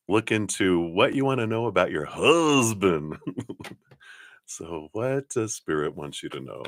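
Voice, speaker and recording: A man giving tarot readings on a live stream, chatty and giggly, laughing often and talking warmly about spirit and love. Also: low-pitched. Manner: warm, affirming, spiritual talk. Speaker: tarot card reader.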